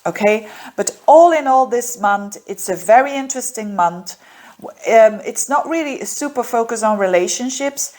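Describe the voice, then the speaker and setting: A woman who is a native Dutch speaker reads monthly horoscopes as an astrologer, earnest and encouraging, with many fillers and restarts. Her voice is medium-pitched with a darkish tone.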